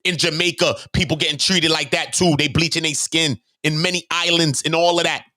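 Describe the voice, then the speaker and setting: A man talks straight to camera in an animated, emphatic vlog style, firing off rhetorical questions in casual slang. His voice sits a little high for a man and swings between loud peaks and low, quiet stretches. The recording is close and dry, with no room sound. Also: a little fast, no room sound. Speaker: vlogger. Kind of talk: casual talking-head commentary.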